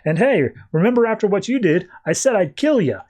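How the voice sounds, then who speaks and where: A man's voice: high voice, sing-song, a little fast, a little mellow, pitched above the performer's own voice. A man voicing a fierce young woman warrior who speaks in a blunt, threatening way.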